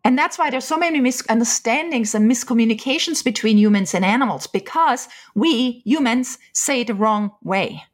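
Patient high-voiced woman explaining. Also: expressive, normal speed, hardly any pauses. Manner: patient, teaching with everyday examples. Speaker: animal communicator guest. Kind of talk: explanatory interview talk.

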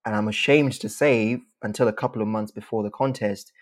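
A man from Zimbabwe, a speech contest champion, answering interview questions in a measured, articulate way with formal phrasing. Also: lowish voice, fairly even intonation.

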